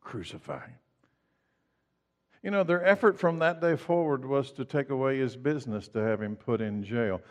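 Pastor guy preaching, goes loud then real quiet, big hall echo behind him. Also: mid-range voice, fairly quick, few pauses. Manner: emphatic preaching, swinging from loud to hushed. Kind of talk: sermon.

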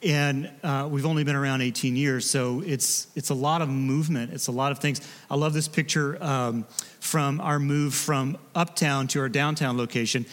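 A man, a pastor preaching in a relaxed, conversational way with joking asides to his congregation. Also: medium pitch, moderate pace, in a large hall. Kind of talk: sermon. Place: church sanctuary.

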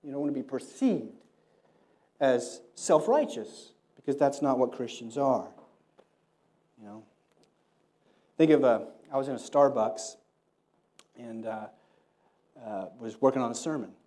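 A man's voice: medium pitch, lively intonation, a little slow, pauses often, mellow. A man preaching a sermon in a conversational way, telling stories and acting out the voices of people he quotes. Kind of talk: sermon with storytelling.

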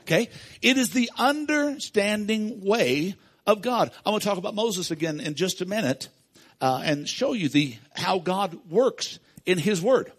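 A man's voice: high-pitched, animated, unhurried. A man preaching a sermon as pastor, emphatic, repeating key phrases and calling out to the congregation.

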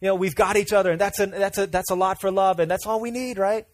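Man putting on a high-pitched pleading teen girl, desperate begging, dry close sound. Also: steady tone, no room sound, natural voice. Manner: begging, fast repeated pleas. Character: pleading heartbroken teenage girl.

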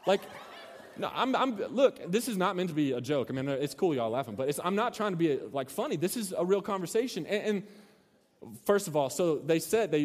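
A man in his thirties preaching a casual sermon as a youth pastor, telling a story with many restarts and asides. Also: on the high side. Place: church hall. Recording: long hall reverb.

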